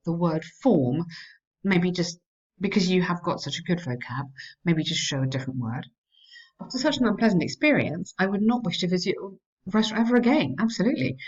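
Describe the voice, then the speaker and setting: A woman tutor gives warm, steady feedback on written essays, reading lines aloud and praising the work often. Her voice sits a little low. The recording sounds dull and lo-fi. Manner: encouraging, frequent praise, reads student text aloud. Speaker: English writing tutor.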